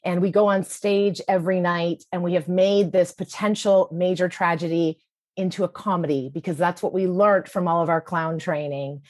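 A woman's voice: on the low side, steady tone, moderate pace, a little mellow, no room sound, studio quality. A woman telling a personal story in a vivid, comic, present-tense way. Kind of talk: personal story told to an audience.

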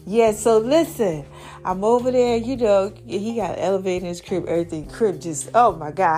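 A woman hosting her own podcast, talking casually and playfully to her followers with lots of exclamations. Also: on the high side. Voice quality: animated, talkative, playful exclamations. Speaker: podcast host.

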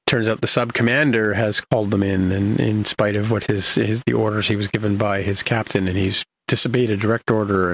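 Older male host, gravelly and fairly low-pitched, loose rambling recap full of fillers. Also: a little hiss or hum, rough recording. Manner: rambling, many fillers and restarts. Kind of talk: casual episode recap.

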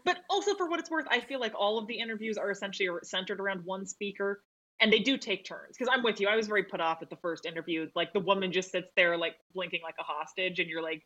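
A woman co-hosting a podcast in casual film talk, chatty and quick to laugh, swearing freely. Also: medium pitch, bright, forceful tone, lo-fi sound. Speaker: podcast co-host.

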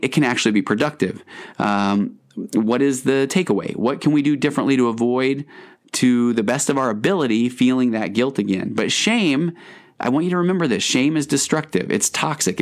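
A man hosting a podcast as a counselor, talking in an earnest, conversational and meandering way. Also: mid-range voice. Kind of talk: podcast monologue.

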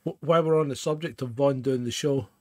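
A man's voice: medium pitch, fast talker, darkish tone, no room sound. A man co-hosting a live chat show, talking emphatically and swearing, ranting with rhetorical questions. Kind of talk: casual banter, live stream.

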